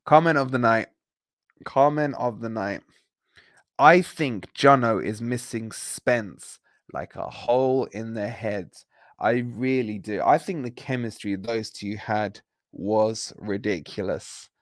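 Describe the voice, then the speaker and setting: A man's voice: fairly low pitch, slow pace, dry recording, studio quality. Chatty man reading live chat. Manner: chatty, reads out viewer comments, jokey banter. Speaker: livestream host reading chat. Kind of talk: casual late-night live stream chat.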